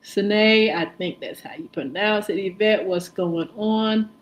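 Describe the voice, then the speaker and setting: A woman's voice: mid-range voice, a little slow. A woman hosting a live-streamed morning show, chatting casually, greeting viewers by name and spelling some out, with many filler "uh"s and friendly upbeat hellos.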